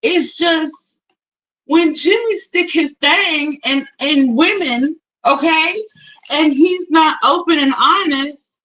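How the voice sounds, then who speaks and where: A young woman live streamer in casual chat, animated and talkative, switching between low mutters and loud outbursts. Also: low-quality recording. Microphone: phone.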